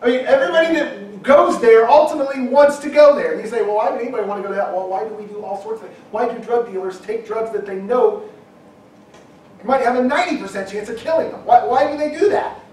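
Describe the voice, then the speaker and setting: High-pitched preacher in an echoey hall. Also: male voice, brisk, recorded from a distance. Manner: emphatic, rising to shouts, acting out quoted objections. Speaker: pastor. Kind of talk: sermon. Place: church hall.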